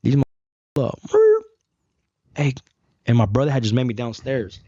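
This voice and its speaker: A man's voice: steady tone, brisk, no echo. A young man, a podcast guest, telling stories from his life in a casual, slangy way, calling people "bro" and "dog" and acting out what others said. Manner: acts out quoted lines in a higher, louder voice. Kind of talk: casual storytelling. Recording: dry, slightly dull audio.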